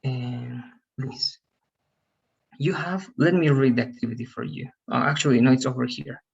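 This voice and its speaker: Husky male English teacher, lo-fi call. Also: mid-range voice. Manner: patient, explains and models pronunciation slowly. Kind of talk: online pronunciation lesson.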